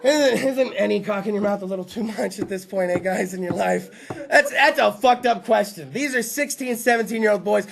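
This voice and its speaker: A man's voice: high voice, normal speed, gravelly. A man hosting a talk show, telling crude jokes in a rowdy monologue and acting out other voices. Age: adult. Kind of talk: profane comedic monologue.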